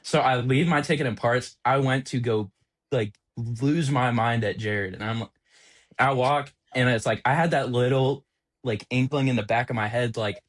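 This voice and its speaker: Young man, podcast co-host, animated storytelling, exasperated, mid-pitched voice. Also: normal speed. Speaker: podcast co-host, automotive technician. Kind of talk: casual storytelling chat.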